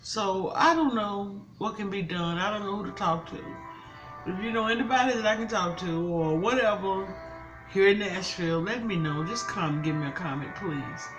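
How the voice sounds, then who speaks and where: A woman's voice: medium pitch, normal speed, over music, low-quality recording. An older woman and grandmother, talking casually to her viewers in a vlog, upset and pleading for advice. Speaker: mukbang vlogger.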